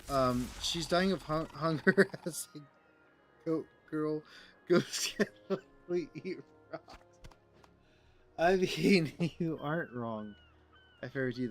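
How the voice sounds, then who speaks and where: A man giving casual commentary over his gameplay, rambling and joking with lots of filler words. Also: mid-range voice. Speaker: gaming streamer.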